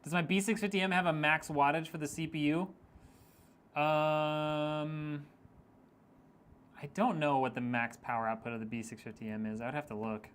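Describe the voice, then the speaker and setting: A man's voice: on the high side, level tone, moderate pace, a bit bright, clean tone. A man streaming a PC build, chatting casually and teasing viewers as he reads their messages, with frequent laughs. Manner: joking, teasing, laughs often.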